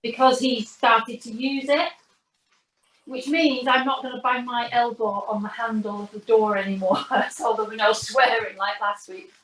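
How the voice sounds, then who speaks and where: A woman's voice: a little high, level tone, moderate pace, fairly bright tone. A woman taking part in an online cycling class, chatting casually with some hesitant fillers over a video call. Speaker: class participant. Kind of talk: casual chat. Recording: roomy, distant video call audio.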